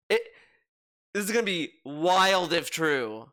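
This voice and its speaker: A man's voice: high voice, big pitch swings, takes it slowly, fairly bright tone. A man ranting in reaction commentary, sarcastic, profane and exasperated. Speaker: commentary YouTuber.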